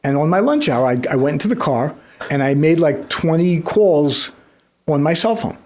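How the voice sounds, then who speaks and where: Guy being interviewed, kinda high pitched, animated, stumbles on his first words a lot. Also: normal speed. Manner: animated, repeats words when starting sentences. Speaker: guest, kindness program creator. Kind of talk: conversational interview storytelling.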